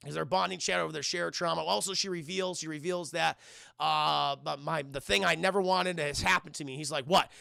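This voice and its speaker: A man's voice: fairly high pitch, brisk, vocal fry, no room sound, studio quality. A man streaming a casual, comedic scene-by-scene film recap, talking straight to his live chat and cracking crude jokes. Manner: animated, addresses chat constantly, crude jokes, acts out characters.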